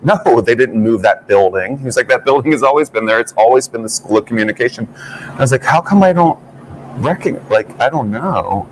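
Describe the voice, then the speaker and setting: A man's voice: medium pitch, fairly quick, a little hiss or hum, rough recording. A man co-hosting a morning talk show, telling stories in a chatty, playful way. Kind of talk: casual chat.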